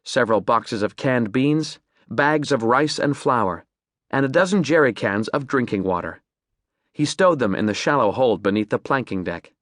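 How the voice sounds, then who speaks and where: Lively male audiobook narrator. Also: medium pitch, dry recording, clean studio sound. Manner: measured, descriptive storytelling. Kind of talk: scripted narration.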